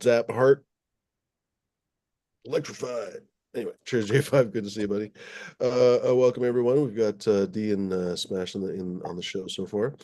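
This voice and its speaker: A man's voice: on the low side, normal speed, mellow. A man hosting a casual livestream, rambling and swearing with many fillers as he greets viewers in the chat. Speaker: livestream host.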